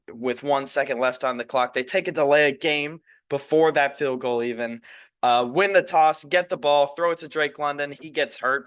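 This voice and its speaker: A young man talks sports on his own podcast in a loose, rambling way, full of ums and restarts. His voice is bright and forward, and the recording sounds a little dull and lo-fi. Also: mid-range voice, clear, resonant tone. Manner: casual, rambling, many fillers and restarts. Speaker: podcast host. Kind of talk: solo sports podcast chat.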